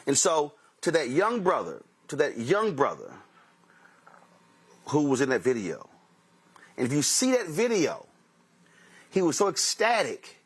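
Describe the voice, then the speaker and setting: Husky-voiced man telling stories on air. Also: medium pitch. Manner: storytelling, quotes himself and others in dialogue; emphatic, repeats key phrases. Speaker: host. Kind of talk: talk-show commentary monologue with anecdotes.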